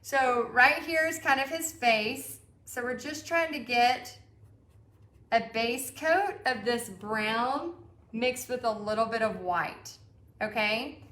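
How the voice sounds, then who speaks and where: A woman's voice: fairly high pitch, takes it slowly, fairly bright tone, roomy sound. A woman with a Texan accent teaching a live-streamed painting lesson, chatting and reading viewers' comments aloud. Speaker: paint party instructor.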